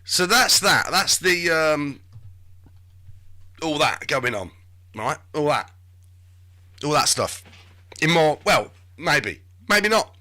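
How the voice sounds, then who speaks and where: Rambling man, sharp bright voice. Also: fairly high pitch, big pitch swings, takes it slowly, long pauses. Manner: chatty, talks to himself while searching. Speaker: live stream host. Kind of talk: rambling live stream commentary.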